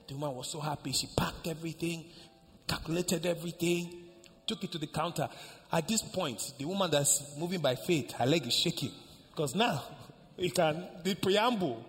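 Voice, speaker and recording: Animated man preaching in an echoey hall. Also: fairly high pitch, normal speed, slight background noise. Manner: animated storytelling, sudden shouts and hushed asides. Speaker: pastor. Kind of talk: sermon. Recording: echoey hall, faint ambience.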